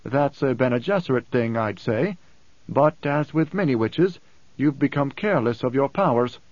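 A man reading an audiobook, voicing a composed, wry man who speaks in a measured, deliberate way. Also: mid-range voice, expressive, a little mellow, no room sound, highs cut off, natural voice. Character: calm, cool-headed man, dryly amused.

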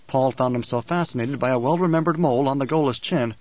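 A man narrating an audiobook in a steady, dramatic storytelling manner. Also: medium pitch, fast talker, dry recording, lo-fi sound. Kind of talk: scripted narration.

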